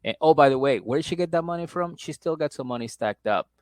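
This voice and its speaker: A man's voice: on the high side, lively intonation, fast, darkish tone, no room sound. A man co-hosting a podcast, chatting loosely as he recaps a reality show. He laughs often and mimics people in a raised voice. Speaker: podcast co-host.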